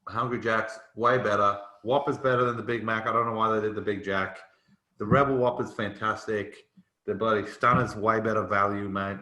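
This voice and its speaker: A man's voice: lowish voice, steady tone, moderate pace, sharp tone, reverberant. A man with an Australian accent, co-hosting a podcast in casual, blunt and opinionated banter. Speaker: podcast co-host. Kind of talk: casual chat.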